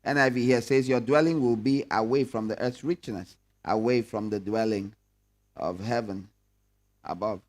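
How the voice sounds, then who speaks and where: A man's voice: mid-range voice, steady tone, moderate pace, darkish tone. A man leading a prayer meeting Bible study, talking conversationally and asking the room questions. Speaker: pastor.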